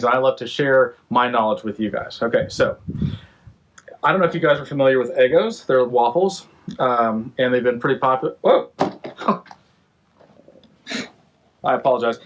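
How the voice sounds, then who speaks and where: A man's voice: mid-range voice, moderate pace, a little hiss or hum. A man hosting a home renovation vlog, tossing out dry jokes and offhand life tips in a casual way. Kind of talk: casual joking vlog talk. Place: job site and car. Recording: roomy, distant and dull-sounding.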